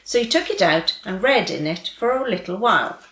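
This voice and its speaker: A woman reading a children's story and a devotion aloud in a gentle, clear storytelling manner. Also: mid-range voice, lively intonation, a little fast. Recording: echoey room.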